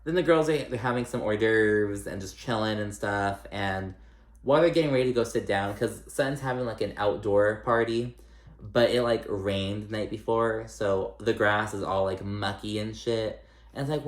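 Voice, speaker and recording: A man's voice: fairly low pitch, normal speed. A man giving a casual, gossipy recap of a reality show, chatty and salty, with lots of "like" and "um". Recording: echoey room.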